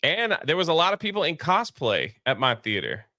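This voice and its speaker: Bright-voiced laid-back male movie reviewer. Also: fairly high pitch, huge pitch swings, fairly quick, dry recording, studio quality. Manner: rambling, laid-back, many fillers. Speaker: co-host of a movie review show. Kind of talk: casual movie review chat.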